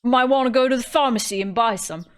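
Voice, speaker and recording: A woman's voice: fast, clear, resonant tone, natural voice. Woman putting on a bumbling British-accented kidnapper. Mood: worried. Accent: put-on British, admittedly poor. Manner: high, stumbling over words. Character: flustered male kidnapper with a bad British accent. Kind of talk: reading a visual novel aloud with voices.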